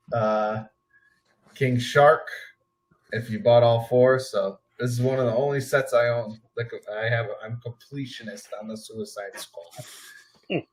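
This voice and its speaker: A man's voice: mid-range voice, low-quality recording. A man hosting a podcast, chatting casually in an easygoing way. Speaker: podcast host. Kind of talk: casual chat.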